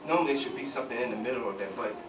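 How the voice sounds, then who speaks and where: A man's voice: mid-range voice, very fast. Man preaching in an echoey church. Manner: conversational, reads scripture with asides and audience call-and-response. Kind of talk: sermon. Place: church fellowship hall. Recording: echoey hall, distant mic, noisy.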